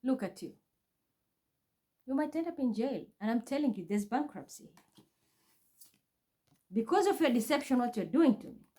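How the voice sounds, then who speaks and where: Woman ranting at home, repeats herself a lot, kinda high voice, dark mellow tone. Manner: intense, accusatory, repetitive. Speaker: spiritual reader vlogger. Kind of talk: agitated monologue to camera. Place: her home.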